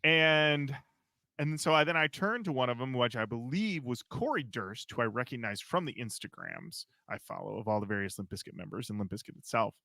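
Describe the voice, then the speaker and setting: Chatting on a podcast he co-hosts, a man recounts a story from backstage, performing the quotes with lively energy. He speaks briskly at a medium pitch, with no echo.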